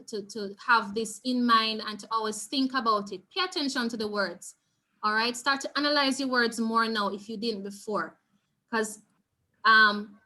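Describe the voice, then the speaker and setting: A woman's voice: fairly high pitch, sharp tone. A woman with a Jamaican accent leading an online Spanish revision class, patiently repeating key points and checking in with her students. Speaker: Spanish teacher.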